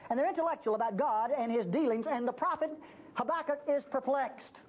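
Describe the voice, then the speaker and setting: A woman's voice: a little fast, breathy edge. An older woman preaching a sermon in a church, emphatic, folksy and teasing. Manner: emphatic, folksy and teasing, with lively pitch swings. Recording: dull lo-fi recording.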